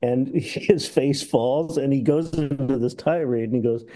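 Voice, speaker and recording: In casual film talk, this podcast co-host speaks with a mid-range, dark voice at a measured pace, barely pausing. He rambles, laughs frequently, and performs the sketches he quotes.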